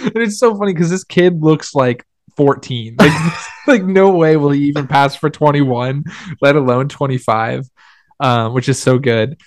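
A man's voice: mid-range voice, moderate pace, no room sound. A young man co-hosting a podcast, chatting casually about a film and peppering his talk with fillers. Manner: rambling, heavy with "like" fillers. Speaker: podcast co-host. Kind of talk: casual film review chat.

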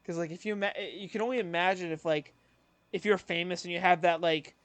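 A young man co-hosting a casual podcast, his voice sitting high for a man. He rambles, restarts his sentences and leans on filler words. The sound is close and dry, with no room around it. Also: steady tone, a bit bright, dry recording. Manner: rambling, full of "like" and restarts, breaks into quick voice impressions. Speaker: podcast co-host. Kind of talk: casual chat.

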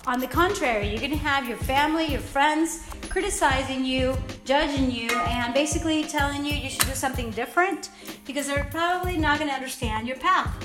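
High-voiced woman giving heartfelt pep talk. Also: brisk, music in the background. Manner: heartfelt, rambling, earnest. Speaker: podcast host. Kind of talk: off-the-cuff motivational podcast talk. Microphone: podcast microphone.

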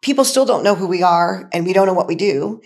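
A middle-aged woman speaks as a guest in an interview. Her voice sits a little low, and she talks with enthusiastic, emphatic drive, often circling back to repeat her points. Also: expressive, fast, a little mellow. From Indiana, USA. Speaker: nonprofit co-founder, guest. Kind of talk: energetic interview talk.

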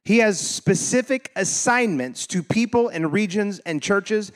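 Unhurried and high-pitched, with lively intonation, this pastor preaches casually and with plenty of animation. He shares jokes and laughter with the congregation and acts out quoted voices.

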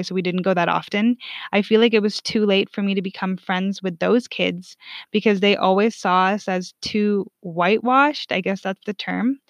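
A young woman shares a personal story in a blunt, casual way, dropping curse words and filling gaps with "like." The recording is dull and lo-fi, with a dry, close sound and no room echo. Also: medium pitch. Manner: frank, profane, heavy on "like" fillers.

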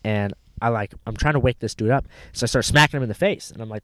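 A man in casual chat, telling a rambling story full of swearing and animated retellings of what people said. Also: mid-range voice, quick pace, no echo. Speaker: rideshare driver telling a story.

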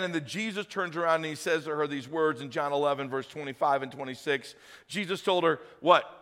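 A man preaching a sermon as pastor, telling the story with acted voices, loud shouted peaks and hushed appeals. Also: on the high side, brisk, in a large hall. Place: church hall.

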